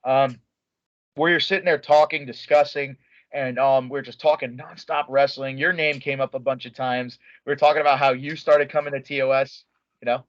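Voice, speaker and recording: A young man, an interview guest, telling a story in an excitable, animated way with lots of "like" and restarts. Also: mid-range voice, normal speed, no echo. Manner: many filler likes and restarts. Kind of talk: casual storytelling. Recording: dull lo-fi dry sound.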